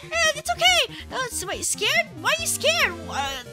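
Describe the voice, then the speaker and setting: A chatty young-sounding woman acts out a fretful soon-to-be mother in a casual game role-play. Her voice is extremely high and bounces up and down. Loud music plays under her voice chat. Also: wildly swooping pitch, normal speed. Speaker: channel host playing an expectant mother.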